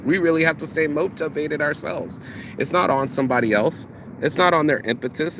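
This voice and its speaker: A man's voice: a little high, noisy background. A man giving a casual motivational monologue, slangy and profane, who stumbles over repeated words when he gets going. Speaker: motivational vlogger.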